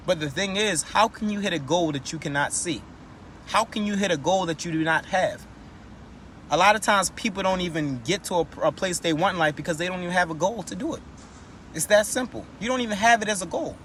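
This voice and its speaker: A man with a high voice speaks in a loose, slangy motivational style, restarting and repeating phrases as he pushes his point. He sounds like he is outdoors, with faint traffic in the background. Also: sharp tone. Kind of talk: casual motivational talk.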